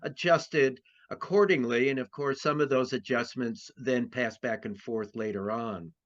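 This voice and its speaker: Unhurried and mid-range in pitch, this male astrologer talks through an interview in a meandering way, full of false starts and filler words. The audio sounds dull and lo-fi.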